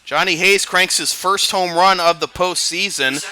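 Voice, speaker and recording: A man calling a baseball game play-by-play, building to excited calls on big plays. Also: high voice, unhurried. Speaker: play-by-play announcer. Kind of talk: live baseball commentary.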